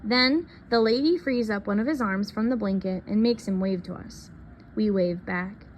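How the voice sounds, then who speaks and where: A woman reading a picture book aloud in a soft, unhurried storytelling manner. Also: medium pitch, slight background noise. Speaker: reader.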